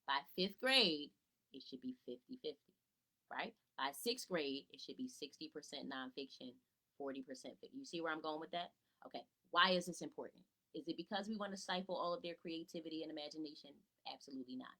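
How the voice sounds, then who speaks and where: A woman's voice: sits low, expressive, a little fast, bright, forceful tone, poor audio. A woman tutor giving a casual live teaching talk to parents from home, asking rhetorical questions and answering them herself. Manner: casual, chatty, greets viewers by name. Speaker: tutor and educator.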